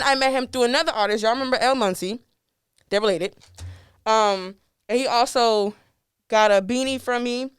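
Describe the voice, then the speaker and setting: A woman's voice: fairly high pitch, clear, resonant tone, no room sound, clean studio sound. A young woman from the DMV area hosting a podcast in a casual, chatty way, laughing often. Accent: American, DMV area. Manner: chatty, laughs often, lively swings in loudness. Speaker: podcast host. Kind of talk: casual chat.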